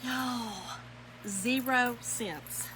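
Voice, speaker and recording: A middle-aged woman with a bright, sharp-edged voice pitched a little high. She talks to her viewers in a folksy, giggly way while working on a craft, calling them y'all. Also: drawn-out words, slight background noise, rough recording. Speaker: craft tutorial host. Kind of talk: chatty craft demonstration with storytelling.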